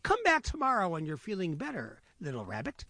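Imperious storybook lion king played by a man, commanding and loud, dry close sound. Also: huge pitch swings, a little fast, no echo, exaggerated voice. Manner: booming, commanding.

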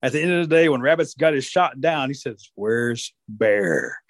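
A man telling a traditional folk tale as a storyteller, animated and drawn out. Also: fairly high pitch, fast talker, no echo. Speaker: Cherokee storyteller.

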